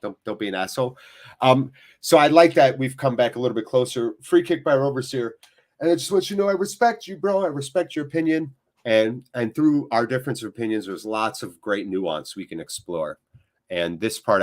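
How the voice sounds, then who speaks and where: An American man hosts a live football watchalong, talking straight to his viewers in a rambling, casual way while sounding emotionally drained. His voice sits in the mid-range and moves fairly quickly.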